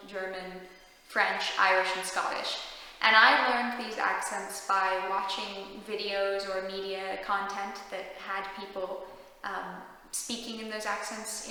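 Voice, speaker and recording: A woman's voice: medium pitch, sharp tone. A young adult woman, a historical reenactor, talking chattily and eagerly in an interview, with frequent fillers. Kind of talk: casual interview answers. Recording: very echoey room with long reverb and faint noise.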